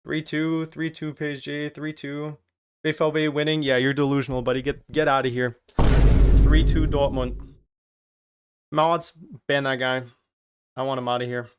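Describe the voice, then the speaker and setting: A German man hosts a casual live stream, jokingly reading out chat messages and teasing the viewers along the way. His voice sits a touch high for a man, smooth and clear, with flat delivery at normal speed and frequent pauses.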